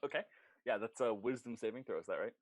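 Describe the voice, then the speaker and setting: A man narrating as game master in an online tabletop game, animated and quick to put on voices. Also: fairly low pitch, no room sound.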